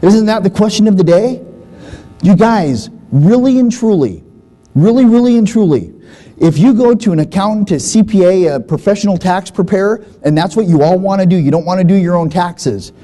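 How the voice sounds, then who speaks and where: A man's voice: high voice, normal speed, poor audio. A man speaking at a live seminar, telling stories and acting out the dialogue in a folksy way that repeats points for emphasis. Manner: storytelling, animated, acts out dialogue. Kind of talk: live seminar talk to an audience.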